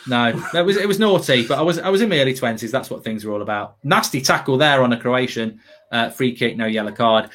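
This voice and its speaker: A man telling a story in casual football-show chat. He rambles, laughs at himself and fills gaps with ums. His voice sits at an ordinary middle pitch. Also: lively intonation, fast, a bit bright. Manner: rambling, laughing, self-mocking, lots of fillers. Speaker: football pundit.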